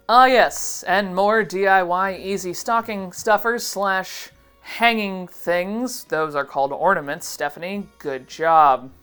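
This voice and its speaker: A woman's voice: medium pitch, a bit bright. A young adult woman giving a casual, sarcastic reaction commentary as a vintage seller vlogger. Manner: playful, sarcastic asides.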